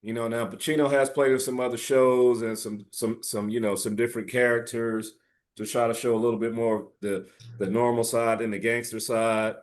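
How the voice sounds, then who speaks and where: A man's voice: medium pitch, level tone, fairly quick. Laid-back rambling man. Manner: rambling, laid-back slang, searching for words. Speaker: podcast co-host. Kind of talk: casual chat.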